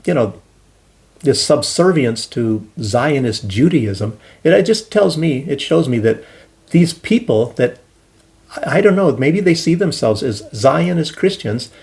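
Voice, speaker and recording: A man's voice: medium pitch, big pitch swings, measured pace, gravelly, darkish tone. A man talking alone to his viewers in loose, rambling commentary, often stopping and restarting his sentences. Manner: rambling, hesitant with many restarts. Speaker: commentary channel host. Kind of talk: casual solo commentary.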